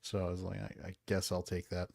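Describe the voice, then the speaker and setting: A man hosting a casual podcast, talking in a soft, calm, low-key voice into a close microphone. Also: a little fast, creaky, dry recording. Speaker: podcast host. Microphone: close studio mic.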